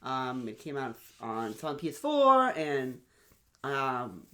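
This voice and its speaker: A man co-hosting a casual podcast, upbeat and animated, with a lot of fillers. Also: mid-range voice, slow. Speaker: podcast co-host. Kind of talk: casual chat.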